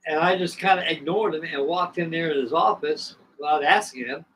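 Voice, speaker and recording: A man's voice: on the high side, fairly quick, fairly bright tone. A man in his sixties hosting a live stream, telling a long story in a rambling, casual way with many restarts. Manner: rambling, frequent restarts and asides. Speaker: host. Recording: distant mic with faint background noise.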